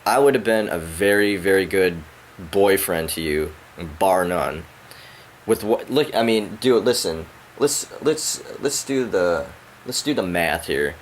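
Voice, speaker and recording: A man ranting angrily at someone he addresses directly, profane and rambling, his pitch climbing when he gets worked up. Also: slight background noise. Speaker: vlogger. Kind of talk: angry rant to the camera. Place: at home indoors.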